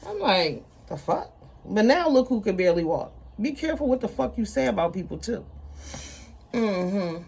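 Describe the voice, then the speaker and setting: A woman's voice: mid-range voice, expressive, moderate pace, creaky, warm tone, a little hiss or hum. A woman ranting bluntly to her viewers in an unscripted vlog, with heavy profanity, emphatic repetition. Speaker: vlogger.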